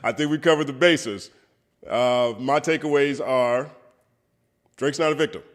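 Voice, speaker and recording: Relaxed male podcast host. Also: medium pitch, a little slow. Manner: relaxed, wrapping up segments. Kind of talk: casual podcast hosting.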